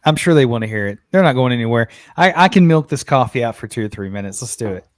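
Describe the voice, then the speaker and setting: A man from Arkansas hosting a live podcast in a relaxed, chatty way, reading out viewer comments. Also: mid-range voice, quick pace, dry recording, clean studio sound. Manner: relaxed, laid-back, laughs easily and says "man" often. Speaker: podcast host. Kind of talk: casual live-stream chat.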